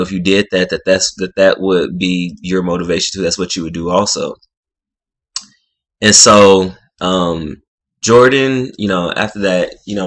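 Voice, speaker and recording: A man's voice: low-pitched, a bit bright. A man casually recapping a reality show episode in a rambling way, full of filler words. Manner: rambling, full of "like" and "you know".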